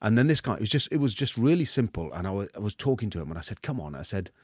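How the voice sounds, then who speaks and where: Guest in his 50s, low-pitched, halting delivery, dry close sound. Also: very animated, husky, dry recording. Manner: halting, many restarts. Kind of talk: interview.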